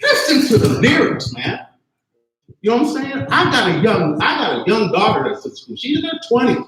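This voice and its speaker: A man's voice: sits high, very animated, fast talker, a bit bright, soft background music. A man in his fifties, speaking from the audience at a campus panel. He talks with passion, swears freely and keeps asking whether he is understood. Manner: passionate, profane, keeps asking "you see what I'm saying". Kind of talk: impassioned spoken comment. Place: campus event hall. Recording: very echoey live room.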